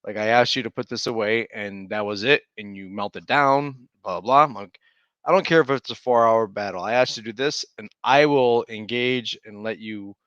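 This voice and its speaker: A man's voice: fairly low pitch, normal speed, a bit bright, clean tone, no room sound, lo-fi sound. A man co-hosting a podcast, talking animatedly about parenting, laughing and acting out his kids' lines. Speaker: podcast co-host. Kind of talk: casual chat.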